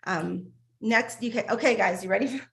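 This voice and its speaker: A woman's voice: a little high, normal speed, creaky. Gushing woman hosting a video call. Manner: warm, gushing, laughs often, restarts sentences. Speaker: host of a members' video call. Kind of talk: casual group video call.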